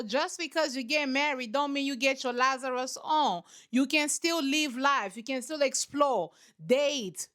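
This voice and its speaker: A woman's voice: high-pitched, fairly bright tone. A young woman host giving blunt, sassy commentary on a reality show, with laughing asides. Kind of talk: casual reaction commentary.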